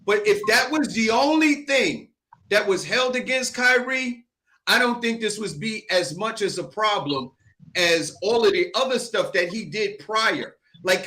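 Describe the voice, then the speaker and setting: A man argues his sports take with emphatic, storytelling energy. His voice sits high and bright. A faint hiss runs underneath. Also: lively intonation, measured pace. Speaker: sports panelist. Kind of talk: casual sports debate.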